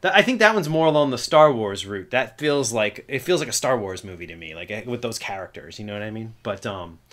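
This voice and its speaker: A young man hosting a casual film podcast, rambling and animated, breaking into loud acted-out quotes. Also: lowish voice, brisk. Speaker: podcast host. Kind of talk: casual chat about films.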